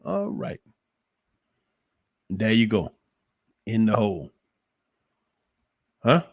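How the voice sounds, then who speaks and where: A man's voice: lowish voice, sing-song, very slow. A man giving an opinionated livestream monologue, preachy and emphatic, firing off rhetorical questions. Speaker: livestream commentator.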